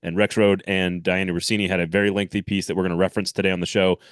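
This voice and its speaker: Lively lower-voiced male podcast host. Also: rapid-fire, no echo, clean studio sound. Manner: animated, laughs often, rambling restarts. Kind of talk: casual sports podcast chat with ad read.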